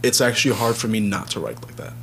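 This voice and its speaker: A man's voice: on the low side, fast, slight background noise. A man who sings and writes songs for a band, chatting casually in an interview and acting out quotes as he tells stories. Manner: relaxed, rambling storyteller, acts out quotes. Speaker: band singer and songwriter.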